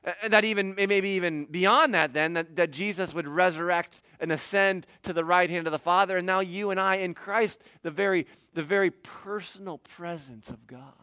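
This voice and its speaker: A male pastor preaching with a bright, forceful, fairly high voice. He swings from loud emphatic peaks down to hushed asides and chuckles often. The sound is dry and close, with no room echo. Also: normal speed, few pauses, clear, resonant tone. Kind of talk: sermon.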